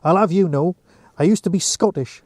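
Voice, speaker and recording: A man's voice: high-pitched, fairly quick, darkish tone, dry recording, clean studio sound. A man voicing an eccentric, absent-minded male time traveller who is easily offended. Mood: indignant.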